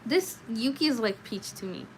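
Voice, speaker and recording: A woman's voice: fairly high pitch, expressive, normal speed, slight background noise, rough recording. A woman with a slightly sore voice reading a novel aloud on a livestream, breaking off for casual, emotional asides about the story. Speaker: livestream book reader.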